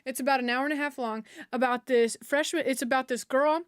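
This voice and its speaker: A woman's voice: high voice, fairly even intonation, brisk, smooth, no echo, clean studio sound. A young woman streamer retelling a story in casual, slangy chat, full of fillers and outbursts.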